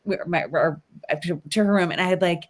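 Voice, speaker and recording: A woman's voice: lowish voice, fairly even intonation, brisk. A woman guest on a podcast who explains ideas in a thoughtful, coaching way, with frequent ums and rhetorical "right?"s. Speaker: guest, resilience expert. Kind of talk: casual interview conversation.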